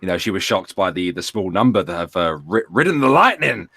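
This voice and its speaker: A man's voice: low voice, big pitch swings, brisk, pushed and bright, no echo. A man co-hosting a casual talk show, sharing news in a hesitant way with many fillers and dry humor. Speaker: co-host. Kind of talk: casual podcast chat.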